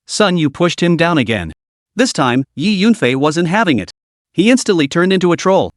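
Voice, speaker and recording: Man, story narrator, animated pitch, dry close sound. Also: normal speed, dry recording. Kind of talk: scripted story recap narration.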